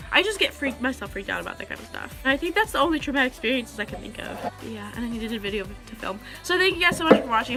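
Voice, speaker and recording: Quick, bright-voiced teenage girl vlogger. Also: on the high side. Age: teenager, about 16. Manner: chatty, rambling, heavy use of "like". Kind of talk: casual storytelling to camera.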